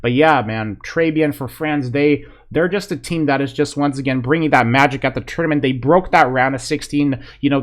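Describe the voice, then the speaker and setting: A man giving a casual, rambling football reaction, excitable and full of fillers like "man" and "you know". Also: a little high. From Polish fan. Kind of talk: casual video reaction commentary.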